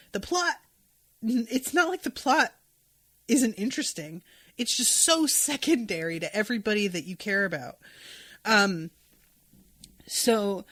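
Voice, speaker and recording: A woman's voice: mid-range voice, a bit bright, no room sound. A woman hosting a podcast, talking casually and emotionally about a show she loves, sometimes getting choked up. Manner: emotional, gushing, choked up at times. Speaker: podcast host. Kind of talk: casual chat.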